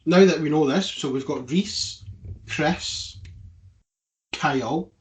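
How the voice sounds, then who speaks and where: An eager host steers a casual chat along and keeps the conversation moving. His voice sits a little higher than most men's. Faint noise hums behind him. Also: takes it slowly, rough recording.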